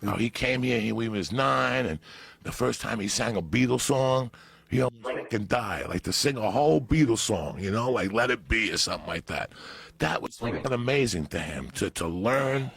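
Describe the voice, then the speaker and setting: A man telling profane stories in a casual podcast chat, loud and laughing. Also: mid-range voice, expressive, normal speed, gravelly, slightly rough, no echo. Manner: profane, loud storyteller who breaks into laughter. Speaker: podcast guest.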